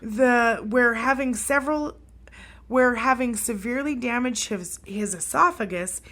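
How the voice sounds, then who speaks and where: A woman co-hosting a history podcast in a casual, chatty voice. She reads out stories and breaks off to react with quick exclamations and comments. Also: fairly high pitch, fairly bright tone. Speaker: podcast co-host.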